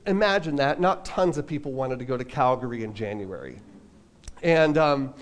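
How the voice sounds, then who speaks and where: A man preaching a relaxed sermon at a church service, telling a personal story with casual asides. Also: medium pitch, normal speed. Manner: casual, self-deprecating, lots of fillers and asides. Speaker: pastor.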